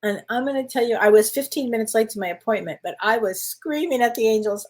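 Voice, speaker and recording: A woman doing card readings as a spiritual medium, talking in a loose, chatty way. Her voice sits somewhat high, and she keeps calling her listeners honey. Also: animated, fairly quick. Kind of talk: casual livestream chat.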